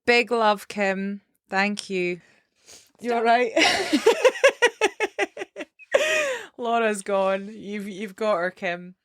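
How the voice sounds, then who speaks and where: A woman's voice: mid-range voice, steady tone, slow pace, fairly bright tone, clean tone, no room sound, studio quality. A woman hosting a podcast, encouraging her guests and laughing often. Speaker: podcast host. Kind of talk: casual podcast chat.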